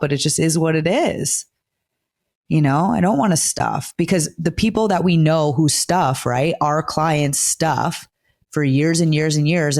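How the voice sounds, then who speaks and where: A therapist hosting a podcast, telling personal stories in an animated, casual way with frequent swearing. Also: mid-range voice. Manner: animated, profane storytelling.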